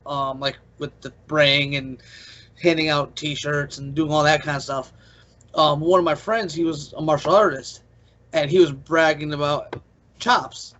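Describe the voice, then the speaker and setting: A man's voice: on the high side, fairly bright tone. A man hosting a podcast interview, eager and full of fillers, laughing along as he recalls stories. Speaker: podcast host. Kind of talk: casual interview chat. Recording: dull lo-fi podcast audio.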